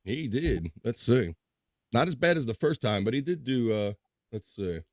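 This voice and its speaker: A man's voice: mid-range voice, animated, normal speed. Chatty male livestream host. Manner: loose, chatty and upbeat, with playful filler sounds. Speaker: host of a live chat show. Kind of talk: casual livestream chat, reading out viewer comments.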